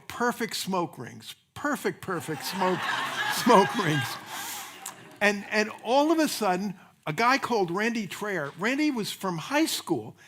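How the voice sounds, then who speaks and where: A man's voice: high voice, a bit bright, a little hiss or hum. An older man, a minister, giving a sermon in a folksy, storytelling way, chuckling at his own anecdotes. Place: church sanctuary.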